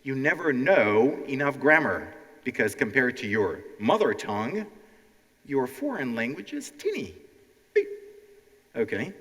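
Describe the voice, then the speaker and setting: A man's voice: mid-range voice, very animated, unhurried, fairly bright tone. A man with a Ukrainian accent hosting a stand-up style language lesson, addressing a live audience directly and acting out nervous learners. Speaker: language teacher and show host. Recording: hall reverb.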